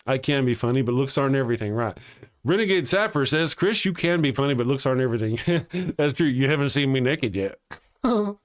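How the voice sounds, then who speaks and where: A man at an ordinary middle pitch chats loosely on a livestream, reading out viewer comments and cracking jokes. He laughs often and trips over his own sentences, starting again as he goes. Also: lively intonation, normal speed. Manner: joking, laughs often, rambling with restarts. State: has a headache. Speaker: host of an atheist morning show.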